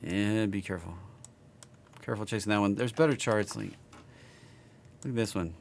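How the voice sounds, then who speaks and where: A man's voice: on the low side, normal speed, vocal fry, slight background noise. A man with a Southern accent, casually reading stock charts on a live stream and chatting with viewers.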